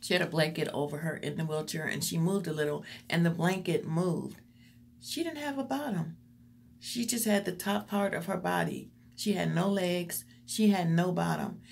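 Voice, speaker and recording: A woman speaks straight to her viewers in a low, gravelly voice. She delivers earnest, faith-based encouragement, circling back on blessings and gratitude like a small sermon. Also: moderate pace, darkish tone, a little hiss or hum. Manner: earnest, encouraging, preacherly repetition. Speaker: motivational vlogger. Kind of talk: faith-based motivational talk to camera.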